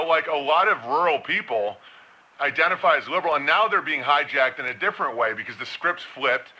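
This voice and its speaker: Bright-voiced man rambling conspiracy commentary. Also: on the high side, low-quality recording. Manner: rambling, conspiratorial, with mocking impressions. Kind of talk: casual commentary monologue.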